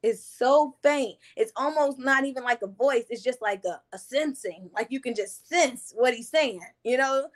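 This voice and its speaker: A woman's voice: sits high, normal speed, few pauses. A woman who is a guest on a podcast, speaking in an earnest, reflective way in a casual conversation.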